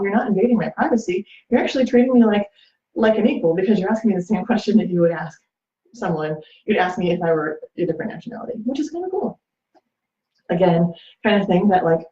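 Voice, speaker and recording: A woman's voice: medium pitch, warm tone. A woman talking through relationship advice in a casual, rambling way, full of fillers and acted-out quotes. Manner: chatty, many fillers, acts out quoted lines. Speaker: host. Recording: echoey room, dull lo-fi sound.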